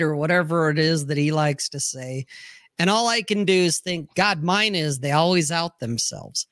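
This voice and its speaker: Male co-host, higher pitch, close dry mic, profane and animated in casual banter. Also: normal speed, dry recording. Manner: blunt, swearing, animated storytelling. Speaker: podcast co-host.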